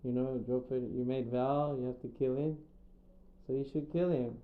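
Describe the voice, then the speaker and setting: A man voicing a calm, firm male divine counselor while retelling a scripture story, with a tinny, phone-like sound. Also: mid-range voice, normal speed, close to an everyday voice.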